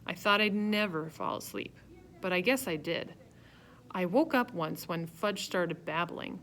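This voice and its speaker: A woman reading a children's chapter book aloud, telling it in a lively first-person voice. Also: lowish voice, measured pace, slight background noise. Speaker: reader. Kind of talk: storybook narration.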